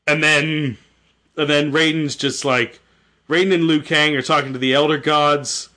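A man's voice: on the high side, fairly even intonation, normal speed, sharp tone. A young man casually retelling a story, rambling, swearing and correcting himself. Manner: rambling, profane, self-correcting. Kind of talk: casual chat.

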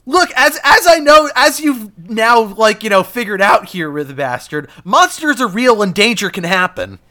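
A man's voice: sits high, big pitch swings, moderate pace, pushed and bright. A man co-hosting a comedy podcast, rambling and swearing freely with many fillers. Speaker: podcast co-host, game pitcher. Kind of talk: casual comedic chat.

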